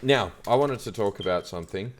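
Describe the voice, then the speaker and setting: Aussie dad podcaster, low-ish voice, tells stories loud and animated. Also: male voice, fairly quick. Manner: animated storyteller, acts out quotes loudly. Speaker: podcast co-host. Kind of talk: casual podcast chat.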